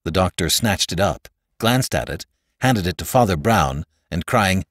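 A man narrating an audiobook, reading expressively with a lowish voice and a lively, animated pitch. He is recorded close on a studio mic, so the sound is dry. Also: unhurried, dry recording. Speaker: narrator and podcast host.

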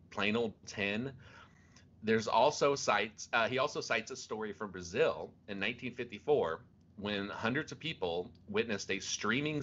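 A man co-hosting a podcast with a bright, forward voice that sits fairly low. He retells odd stories in animated, casual chat, often laughing and restarting his sentences. The sound is muffled and lo-fi. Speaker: podcast co-host. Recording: dull lo-fi sound.

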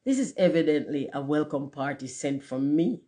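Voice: medium pitch, lively intonation, moderate pace, mellow, close to an everyday voice. A reader voicing a pompous, conceited firework rocket in a storybook reading, with grand, haughty declarations.

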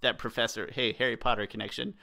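A young man co-hosting a podcast, giving rambling, opinionated takes that often trail off quietly. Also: mid-range voice, steady tone, fast talker, gravelly. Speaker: podcast co-host. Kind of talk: casual podcast chat.

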